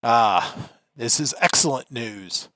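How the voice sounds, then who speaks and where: A man voicing a hearty human commander in armor with a booming voice, in a tabletop game. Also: animated, slow, pushed and bright, no echo.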